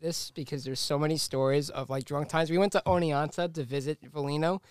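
A man's voice: a little high, steady tone, a little fast, clear, resonant tone, no echo, clean studio sound. A young man co-hosting a podcast, telling stories in a rambling way with laughter in casual chat. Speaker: podcast co-host.

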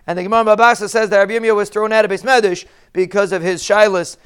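A man's voice: high-pitched, steady tone, fast talker, smooth. A man teaching a Talmud lesson, explaining each Hebrew phrase in plain English.

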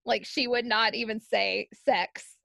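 A woman's voice: on the high side, fairly even intonation, unhurried, creaky, pushed and bright, dry recording. A woman, a podcast co-host telling a story in casual chat and laughing often.

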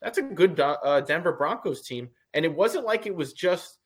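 A man's voice: fairly high pitch, normal speed, husky. Opinionated male podcast co-host. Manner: relaxed, conversational, opinionated. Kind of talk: casual sports podcast chat.

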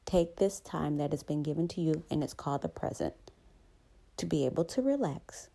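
A woman hosting a calm, reflective self-help talk, soothing and conversational, often adding "right?" to her points. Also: low voice, moderate pace, gravelly. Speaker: host.

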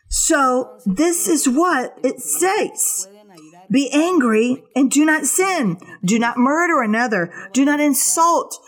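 A woman preaching a sermon, giving earnest exhortations in short repeated commands. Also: high-pitched.

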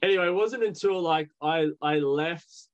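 A man's voice: on the high side, moderate pace, dull audio. A young Australian man, a podcast guest, telling his story candidly in a rambling way, full of "like". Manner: candid, rambling with many "like" fillers. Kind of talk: casual storytelling.

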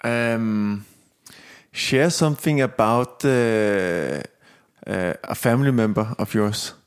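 A man's voice: lowish voice, slow pace, clean tone. Playful man co-host. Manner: playful, acts out little quoted lines. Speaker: podcast co-host. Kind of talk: casual podcast chat.

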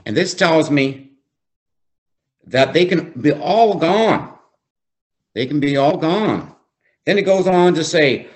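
A man leading a faith-based recovery group, teaching slowly and reflectively, often repeating phrases for emphasis. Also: on the high side, expressive. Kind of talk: devotional teaching.

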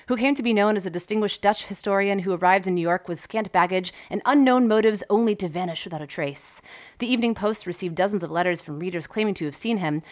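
A woman hosting a podcast, telling a history story in a lively, wry way with joking asides. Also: mid-range voice. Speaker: podcast host.

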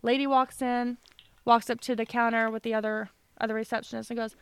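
Woman podcast co-host, high and smooth, dry close mic, lively storyteller with a quick laugh. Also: no room sound. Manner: animated, acts out quoted voices, laughs often. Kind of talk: casual chat, storytelling.

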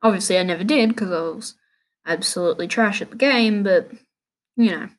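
A woman's voice: medium pitch, brisk. A woman hosting a casual solo gaming podcast, rambling and restarting her sentences in an offhand way. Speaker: podcast host.

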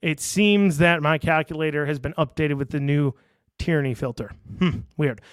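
A man with a high voice rants in a casual online commentary, rambling, restarting sentences and dropping sarcastic asides. He sounds close to a desk mic, with dry sound and no room echo. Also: normal speed, smooth. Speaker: political commentator.

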